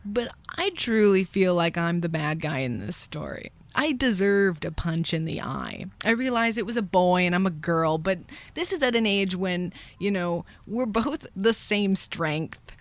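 Young adult woman, podcast host, lowish pitch, candid and rueful confessional storytelling. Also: lively intonation, dry recording. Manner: candid, rueful, acts out voices in quick whispers and shouts.

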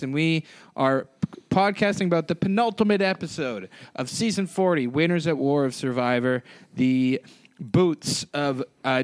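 A man's voice: fairly high pitch, clean tone, dry recording. A man hosting a podcast, talking casually and apologetically, rambling with fillers and restarts into a close mic. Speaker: podcast host.

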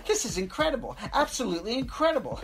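A woman reading aloud and voicing an excitable young woman who gushes and chatters. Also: a little high, fast talker, voice pushed up. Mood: gushing. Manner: gushing, breathless chatter.

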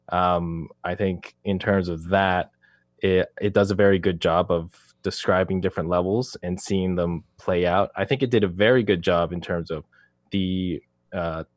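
A man on a podcast, calmly talking through his views in a measured, analytical way. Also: deep voice, no echo. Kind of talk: casual podcast chat.

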